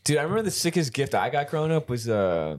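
A young man co-hosting a podcast, chatting casually and telling stories with plenty of swearing, jumping into high voices when excited. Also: fast talker, no echo, studio quality. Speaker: podcast co-host. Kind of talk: casual chat.

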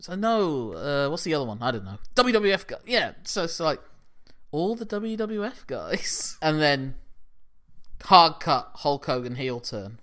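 Man co-hosting, lively and bright, slightly high voice. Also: unhurried. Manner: animated, acts out scenes, swears. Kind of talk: casual chat.

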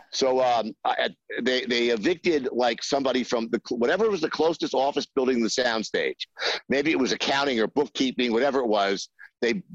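A man's voice: medium pitch, no echo. Rambling man telling a story, muffled. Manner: rambling, halting with many fillers, acts out quoted voices. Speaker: screenwriter guest. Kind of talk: anecdotal interview storytelling.

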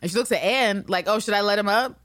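A woman co-hosting a podcast in a casual recap chat, animated and profane, acting out characters' lines. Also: medium pitch, quick pace, dry recording, clean studio sound. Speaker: podcast co-host.

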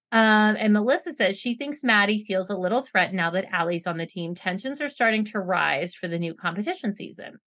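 A woman in her forties co-hosting a casual chat, recapping a show quickly and sarcastically, often mocking others in put-on voices. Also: mid-range voice, fairly bright tone, no echo. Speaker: podcast co-host recapping a reality show.

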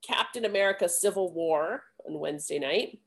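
A woman's voice: on the low side, normal speed, a bit bright. A woman co-hosting a podcast, telling a playful complaint about her husband. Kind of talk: casual podcast chat.

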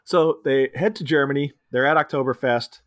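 A man's voice: mid-range voice, moderate pace, a bit bright, no room sound, clean studio sound. A man co-hosting a podcast, animatedly retelling a film scene by scene and acting out quotes in silly voices. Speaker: podcast co-host. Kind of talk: casual movie recap chat.

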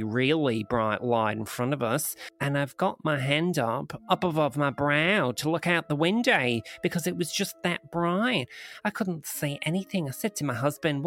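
A man's voice: a little high, fairly bright tone. A man voicing an Australian woman who breathlessly recounts a strange sighting, with a put-on Australian accent. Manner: breathless storytelling, quoting others.

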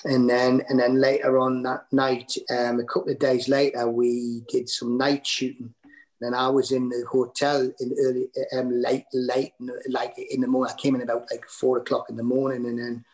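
A middle-aged Geordie man spins loose, rambling anecdotes, full of ums and false starts. His voice sits at an ordinary middle pitch, relaxed and conversational, like a comedian chatting between jokes. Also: normal speed, rough recording. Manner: rambling anecdotes with many fillers and restarts. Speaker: comedian guest. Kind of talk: casual interview storytelling.

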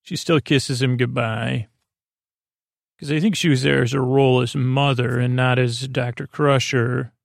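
Gravelly male podcast host, casual self-correcting recap, dry close sound. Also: mid-range voice, fairly even intonation, a little slow, dry recording. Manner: rambling, self-correcting, offhand.

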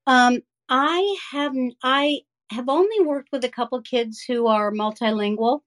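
A woman's voice: sits high, a little slow, fairly bright tone. Enthusiastic woman coaching voice actors. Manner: enthusiastic, explains with examples. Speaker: voice-over coach for children. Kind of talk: podcast interview answers.

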